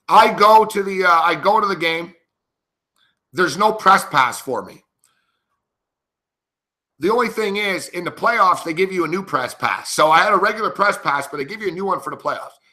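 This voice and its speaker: Middle-aged guy hosting a betting show, swears a lot, brash and laughy, kinda high and really bright. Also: lively intonation, normal speed, pauses often. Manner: profane, brash, laughing between lines. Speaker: sports betting show host. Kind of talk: casual storytelling to a live chat.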